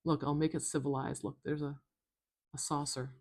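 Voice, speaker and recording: A woman teaching phonetics in a slow, soft tutorial, patiently repeating each sound. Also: low-pitched, level tone, creaky.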